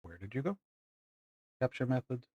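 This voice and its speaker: Northern Irish male streamer, mid pitch, dry close sound, excitable and self-deprecating. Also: moderate pace, husky, no room sound, highs cut off. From Northern Ireland. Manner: excitable, self-mocking, reads out chat and thanks viewers. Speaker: game streamer. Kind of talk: casual live-stream chat.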